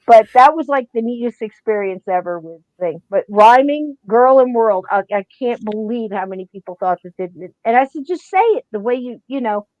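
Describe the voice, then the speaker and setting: A woman's voice: fairly high pitch, moderate pace, hardly any pauses, dry recording, highs cut off. A woman hosting a podcast, chatting casually and acting out quotes as she tells stories. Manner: animated storyteller acting out quotes. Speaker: podcast host. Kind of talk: casual chat.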